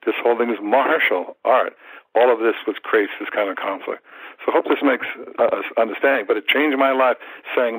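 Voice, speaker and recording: A man in his seventies, a martial arts teacher, telling stories in an animated way in a podcast interview. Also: medium pitch, fairly quick, slightly rough, dry recording, low-quality recording. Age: 70s. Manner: animated storyteller, acts out quoted thoughts, repeats words.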